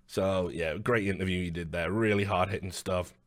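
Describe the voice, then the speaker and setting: A man's voice: low-pitched, animated, measured pace, few pauses, pushed and bright, no echo, clean studio sound. A man with a British accent delivering a profane, sardonic commentary monologue.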